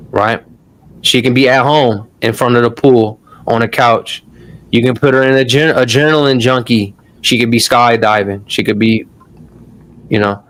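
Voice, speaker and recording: A man runs a relaxed live-stream lesson in a loose, chatty way, tossing in the odd curse and a steady "y'all". His voice sits at an ordinary middle pitch for a man. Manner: loose and chatty, swears, calls the audience "y'all". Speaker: online course host. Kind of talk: casual live-stream tutorial.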